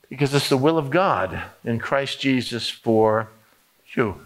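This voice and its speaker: A man's voice: medium pitch, sing-song, a little slow. A man preaching a sermon, emphatic, acting out prayers and inner talk in the first person. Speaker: pastor.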